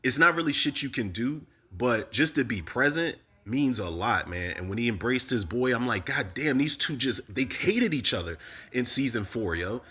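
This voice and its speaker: A man casually recapping a TV episode, animated and profane, talking straight to his viewers. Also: mid-range voice, moderate pace, husky. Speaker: TV recap host.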